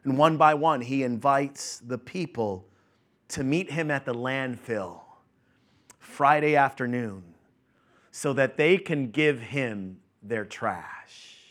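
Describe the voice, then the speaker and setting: A male preacher delivering a dramatic sermon, dropping to hushed whispers and rising to shouted climaxes. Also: medium pitch, slow.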